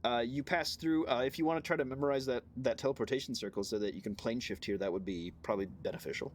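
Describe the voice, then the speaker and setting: A man running a tabletop game as game master, narrating and answering the players in a halting way that stumbles over its words. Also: mid-range voice, slight background noise.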